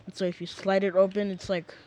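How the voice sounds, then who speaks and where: A man's voice: high-pitched, little pitch movement, fast, darkish tone, slight background noise. A young man casually rambling through gameplay commentary at home, often sidetracked and full of fillers. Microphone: desk mic.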